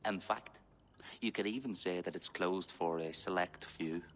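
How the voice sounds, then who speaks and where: A woman's voice: a bass voice, measured pace, in a large hall. An actress playing a stern, impatient Irish noblewoman with a clipped, firm delivery, in video game dialogue.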